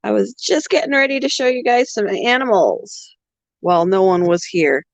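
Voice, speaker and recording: A woman hosting a casual pet livestream at home. She talks softly, sometimes in a whisper, and coos at her animals in baby talk. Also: medium pitch, lively intonation, normal speed, gravelly, no room sound, rough recording. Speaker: pet channel host.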